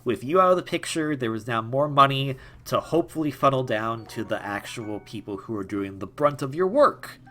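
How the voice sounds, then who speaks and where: Animated young man riffing over gameplay. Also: medium pitch, moderate pace, few pauses, faint music behind. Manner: rambling, jokey, stammers and repeats words. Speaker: gaming YouTuber. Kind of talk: casual let's-play commentary.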